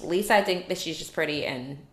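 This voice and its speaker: A woman's voice: low-pitched, brisk. A woman co-hosting a podcast in casual chat, rambling and searching for words. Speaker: podcast co-host. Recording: echoey room.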